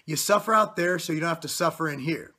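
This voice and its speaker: A man's voice: on the high side, fast talker, pushed and bright. A man in his thirties, a bodybuilder giving a blunt, profane motivational rant to camera. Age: 30s. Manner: blunt, profane, intense pep talk. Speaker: fitness vlogger, bodybuilder.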